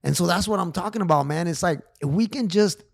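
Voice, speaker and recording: A man's voice: sits high, fast, vocal fry, no echo, clean studio sound. Emphatic, profane middle-aged man. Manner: emphatic, profane, street slang; repeats himself, many restarts. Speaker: therapist guest. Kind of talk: casual podcast conversation.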